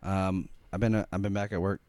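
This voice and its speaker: A man's voice: deep voice, flat delivery, brisk, a little mellow, no echo. A man in his thirties from the Philippines, co-hosting a casual podcast chat in a chatty, hesitant way with lots of fillers. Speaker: podcast co-host.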